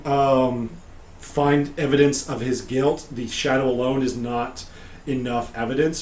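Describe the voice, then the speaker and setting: A man recapping a tabletop game session as its game master, telling the story casually with frequent pauses and fillers. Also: medium pitch, slight background noise.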